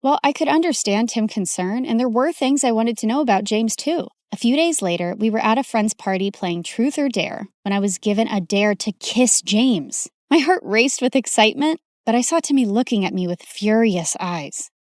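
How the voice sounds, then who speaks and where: A woman narrating an animated story in first person, expressive and dramatic. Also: a little high, normal speed, hardly any pauses, no room sound, clean studio sound.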